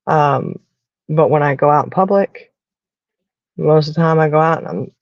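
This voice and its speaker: A Southern American woman talks in a relaxed, chatty way, like she is telling a story to friends. Her voice has a gravelly edge and sits in the middle of the range. The recording is dry and a little dull. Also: sits low, normal speed, no echo. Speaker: podcast host. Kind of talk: casual chat.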